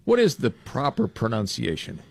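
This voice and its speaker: A man's voice: medium pitch, wildly swooping pitch, moderate pace, vocal fry, dry recording. A man hosting a radio talk show, chatting casually and laughing easily with his co-hosts.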